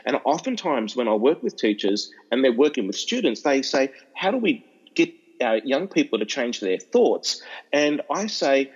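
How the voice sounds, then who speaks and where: Middle-aged Aussie speaker, animated storyteller, mid pitch, muffled lo-fi audio. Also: male voice. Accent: Australian. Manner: animated, repeats and restarts, acts out voices in anecdotes. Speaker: educational speaker to students. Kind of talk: storytelling interview chat.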